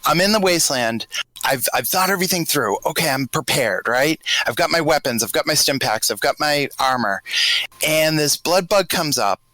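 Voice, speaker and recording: A man's voice: a little high, normal speed, no room sound, rough recording. A man with a Boston accent talking in a casual group chat, musing aloud in a thoughtful way. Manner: grows animated telling a scenario. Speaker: podcast panelist.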